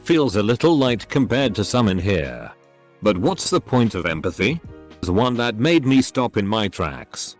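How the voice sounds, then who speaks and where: A man with a low voice reads posts aloud in steady, scripted narration. His pitch moves a lot, which gives the reading a lively lilt. Soft music plays faintly underneath.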